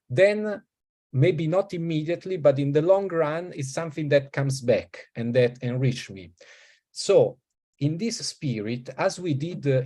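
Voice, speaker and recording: A man's voice: medium pitch, a little mellow. Italian man hosting an online session. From Italy. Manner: hesitant, thinking aloud. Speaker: school coordinator, session host. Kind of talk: online welcome talk.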